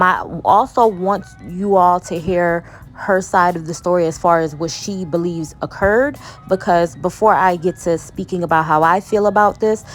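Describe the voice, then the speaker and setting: A woman with a lowish voice hosts a commentary segment, talking straight to her audience. She sounds earnest and drops in frequent ums. Soft music plays faintly underneath. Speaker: commentary host. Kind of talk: reaction commentary to viewers.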